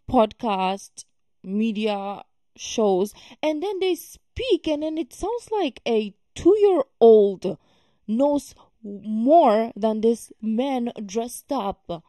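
A woman's voice: fairly high pitch, warm tone, no room sound, studio quality. A woman hosting a reaction video, talking casually and emphatically with many fillers and exasperated remarks.

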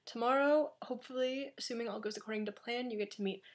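A chatty seventeen-year-old American girl talks straight into her computer's webcam from home. She rambles through asides and pokes fun at herself in a relaxed, casual vlog. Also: fairly high pitch, quick pace. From New York, USA. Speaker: vlogger, exchange student. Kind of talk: casual talking-to-camera vlog. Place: home, indoors.

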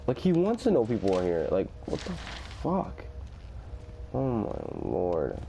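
A man's voice: low voice, wildly swooping pitch, moderate pace, vocal fry, dark tone, slight background noise. A man commentating a horror game, swearing constantly and shrieking when scared. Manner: panicky, constant swearing, screams in fright. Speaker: gaming host.

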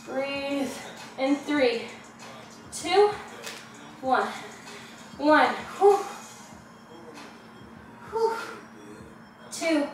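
Recorded by a far-off camera in an echoey room with music behind her, a young fitness vlogger leads a follow-along workout. She speaks very slowly with frequent pauses in a high, expressive voice, counting reps out of breath and groaning and swearing as she strains.

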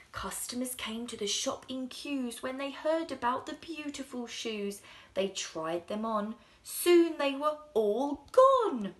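Slow, lively woman reading a kids' story. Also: high voice. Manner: expressive, sing-song, with soft whispered passages.

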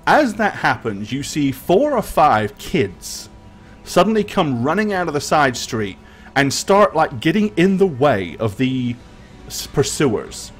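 A man's voice: a little high, sing-song, measured pace, soft background music. A man narrating as game master of a tabletop game, with rambling, filler-heavy speech.

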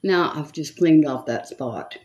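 A woman's voice: low-pitched, measured pace, a little mellow. A woman in her seventies doing her makeup on camera, chatting to her viewers and muttering to herself as she works. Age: 70s. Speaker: makeup vlogger. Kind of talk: casual chat while doing makeup.

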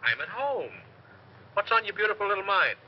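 A man's voice: high voice, very animated, a little fast, lo-fi sound, a little hiss or hum. An actor playing a cocky, dry-witted man in 1930s film style, on an old soundtrack. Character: cocky wisecracking man, sweet on heroine.

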